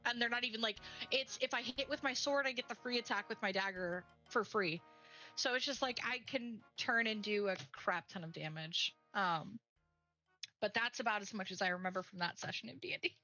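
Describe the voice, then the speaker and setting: A woman's voice: mid-range voice, brisk, pushed and bright, rough recording. A woman chatting casually on a stream, rambling through a story and acting out her friends' lines. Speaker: co-streamer, game jam teammate. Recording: faint background music.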